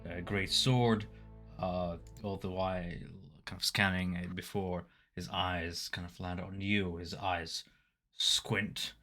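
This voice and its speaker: A man with a deep, low voice narrates a tabletop game as its game master. He describes the scene loosely, with plenty of ums and uhs. Soft music plays underneath. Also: slow. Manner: relaxed, filler-heavy narration.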